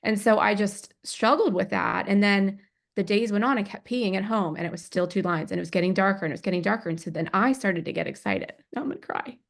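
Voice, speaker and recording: A woman in her forties, a podcast guest, telling a personal story in a lively, unfiltered way, acting out what people said. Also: mid-range voice, quick pace, gravelly. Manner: animated, acts out quoted dialogue, swears freely.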